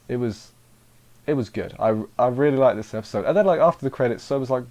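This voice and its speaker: A man's voice: medium pitch, animated, fast, warm tone. A young man casually reviewing an anime episode, rambling and chatty, acting out the characters' lines as he goes.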